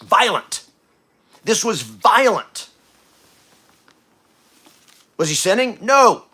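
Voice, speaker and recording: A man hosting a podcast, giving a blunt motivational talk that swings from quiet to loud, with coarse language. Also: sits high, sing-song, extremely slow, husky. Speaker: podcast host.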